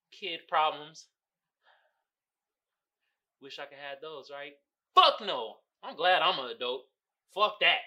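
A man hosting a casual solo podcast, talking loudly and profanely, often laughing and shouting exclamations. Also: fairly high pitch, sing-song, unhurried. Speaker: podcast host.

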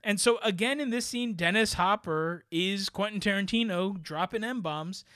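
High-ish guy ranting about movies on a podcast, blunt and lively, dry close mic. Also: normal speed, dry recording. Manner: animated, blunt film opinions with slangy asides. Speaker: podcast co-host. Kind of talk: casual chat.

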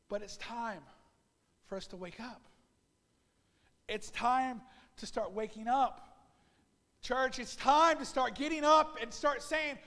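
A male pastor preaching a fervent sermon, repeating his calls and building up to shouts. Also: very high-pitched, long reverb tail. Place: church sanctuary.

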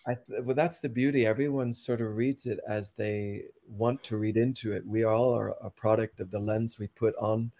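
A man's voice: on the low side, steady tone, moderate pace, few pauses, warm tone, no echo. A man, a poet, reading his rhyming verse in a rhythmic, accented delivery, then chatting casually as a podcast guest.

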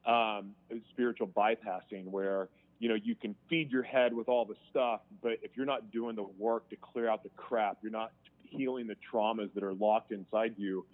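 A man telling his own story as an interview guest, frank and emotional, halting and restarting as he speaks. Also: on the low side, fairly even intonation. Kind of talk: candid personal storytelling. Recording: tinny phone-line sound.

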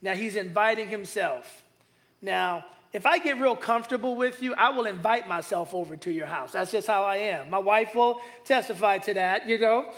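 A man preaching a sermon in a conversational, joking way, stretching key phrases slowly for emphasis. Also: high-pitched, a bit bright. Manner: conversational, joking asides with the congregation. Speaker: pastor.

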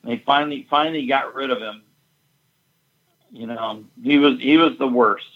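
A man's voice: mid-range voice, moderate pace, narrow, tinny audio. A man, a fight event promoter, telling a story in casual chat, blunt and profane as he recounts a quarrel.

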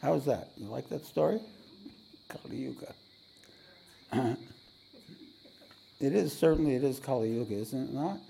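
A spiritual teacher telling a tale to his listeners. He rambles, clears his throat often and fills gaps with "uh". His voice is mellow and dark, with a gravelly rasp. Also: mid-range voice, moderate pace, long pauses, slight background noise. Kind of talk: storytelling talk to a meditation audience.

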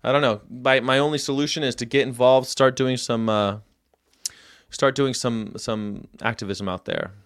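A man's voice: medium pitch, fairly even intonation, moderate pace, clear, resonant tone, no echo, studio quality. A man hosting a casual livestream, rambling and chatty as he reacts to viewer comments and tells history tidbits. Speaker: host.

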